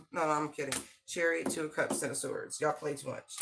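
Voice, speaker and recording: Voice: medium pitch, fairly even intonation, normal speed, vocal fry, sharp tone, a little hiss or hum. An intense, slangy tarot reader giving a livestream reading and talking straight to viewers. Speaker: tarot and channeled-message reader.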